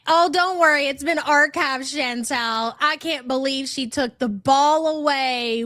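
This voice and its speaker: A woman's voice: sits high, unhurried, few pauses, fairly bright tone, no echo, studio quality. A woman hosting a commentary livestream, reading super chats aloud in a sarcastic, incredulous, teasing way. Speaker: commentary channel host.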